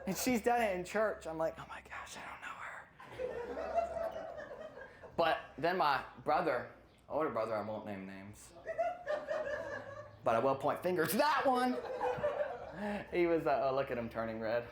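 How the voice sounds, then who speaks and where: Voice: medium pitch, very animated, normal speed, pauses often, background noise. A stand-up comedian who rambles through a routine, often losing their place and cutting in on themselves. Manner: rambling, loses place and self-interrupts.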